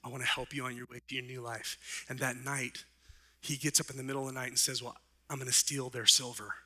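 Pastor type, male, mid-pitched and very bright, delivering an earnest sermon with swelling and hushed passages. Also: little pitch movement. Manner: earnest preaching, voice swelling up then dropping soft, with slow emphatic phrases.

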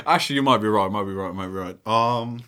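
A man's voice: fairly low pitch, fast, sharp tone, clear, resonant tone. A young man co-hosting a podcast in casual chat, laughing often and swearing casually. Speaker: podcast co-host. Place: Denmark.

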